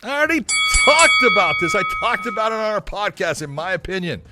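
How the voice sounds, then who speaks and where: A man's voice: high-pitched, very animated, brisk, over loud music. A man co-hosting a casual sports podcast, giving blunt, emphatic opinions. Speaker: podcast co-host.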